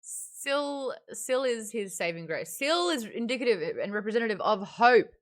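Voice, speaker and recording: A woman hosting a casual book club discussion, chatty and animated, laughing often. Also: fairly high pitch, normal speed.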